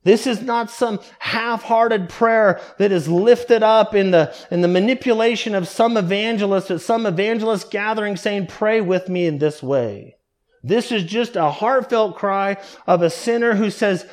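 A man preaching a sermon earnestly, dropping low and quiet for emphasis and drawing out quoted prayers slowly.

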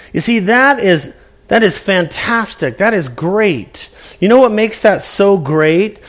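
A man preaching a sermon to a congregation, earnest and emphatic, asking rhetorical questions and repeating his key phrases. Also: sits high. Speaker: pastor.

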